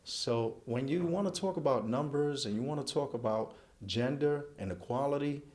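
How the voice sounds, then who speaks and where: A man's voice: medium pitch, darkish tone. A middle-aged man, a charity event chairman speaking earnestly in an interview and running through long lists.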